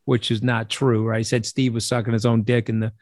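Middle-aged man, interview guest, blunt and salty, medium pitch, dry close mic. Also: a little fast, dry recording. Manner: blunt and profane, animated, acts out quoted voices. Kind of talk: casual interview storytelling.

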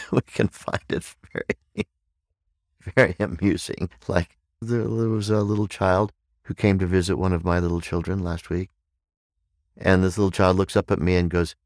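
Meditation teacher guy, super deep voice, dry close sound, says things slow and repeats them. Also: no echo. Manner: slow, deliberate, repeats key phrases for emphasis. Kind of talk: reflective podcast talk.

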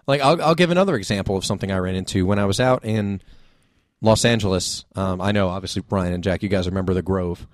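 A man co-hosting a podcast, telling stories in a relaxed, animated way with frequent laughs. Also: low-pitched, fast talker, no room sound, clean studio sound. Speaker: podcast co-host. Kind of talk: casual chat.

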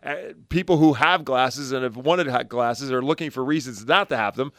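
A man's voice: mid-range voice, brisk, a bit bright, dry recording, studio quality. A man co-hosting a radio talk show, teasing his partner and mostly agreeing with him. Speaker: radio co-host.

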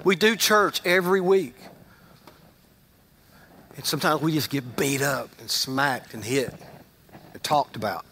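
Unhurried and prone to long pauses, a middle-aged male pastor talks through his sermon conversationally, getting loud for emphasis and quiet for asides. His voice sits in the mid range, and there's slight background noise.

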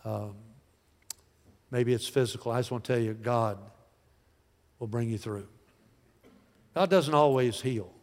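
A man of forty or older preaching a sermon in a folksy way, dropping to soft, slow lines and rising to loud calls. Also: medium pitch, in a large hall. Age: 40s or older. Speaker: pastor.

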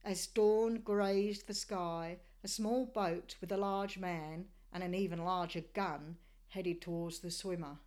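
A woman's voice: fairly low pitch, steady tone, darkish tone. Woman narrating a sailing voyage. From Australia. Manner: measured, descriptive storytelling. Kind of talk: scripted travel narration.

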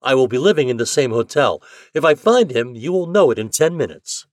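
A man's voice: mid-range voice, animated, fairly quick, no echo, clean studio sound, natural voice. A man voicing a confident, hearty reporter in a read-aloud story, talking in an assured, friendly way.

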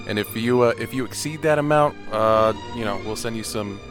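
A man's voice: lowish voice, a little fast, music in the background. A man co-hosting a podcast over a video call, enthusiastic and teasing, reading a sponsor plug. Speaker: podcast co-host. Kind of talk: casual podcast chat and ad read.

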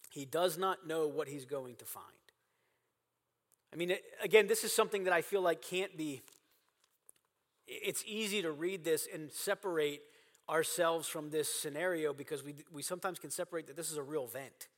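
A man's voice: a little high, moderate pace. Emphatic male pastor in a reverberant sanctuary. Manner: earnest and emphatic, repeats phrases for stress. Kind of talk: sermon. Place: church sanctuary.

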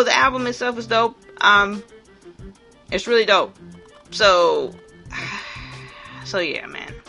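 A woman hosting a casual, profane commentary monologue in an animated way, often acting out voices. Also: on the low side.

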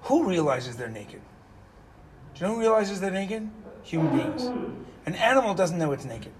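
A middle-aged man teaching Torah as a rabbi, asking rhetorical questions and moving between loud emphasis and hushed asides. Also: high voice, big pitch swings, normal speed, a little hiss or hum, poor audio. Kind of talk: animated Torah lecture.

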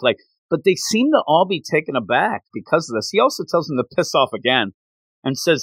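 A man hosting a casual chat recapping an anime, talking in a rambling, animated way and laughing often. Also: mid-range voice, brisk, no echo, low-quality recording.

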